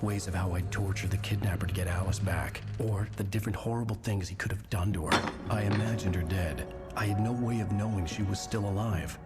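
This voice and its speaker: An actor playing a haunted male writer, giving grim, measured game narration. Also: low voice, fairly even intonation, natural voice. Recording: game audio with music behind.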